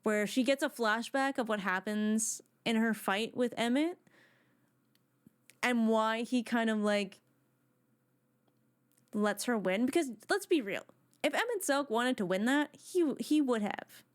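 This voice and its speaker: A woman streamer chatting casually while she plays a video game, rambling with excitement and restarting her sentences often. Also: a little high, unhurried, pauses often. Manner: excited, rambling fan talk with many restarts.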